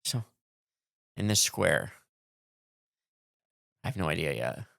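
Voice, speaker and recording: A man's voice: deep voice, expressive, takes it slowly, vocal fry, a bit bright, dry recording, studio quality. A man co-hosting a podcast, answering the storyteller with short, laid-back reactions and quips. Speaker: podcast co-host. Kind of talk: casual chat.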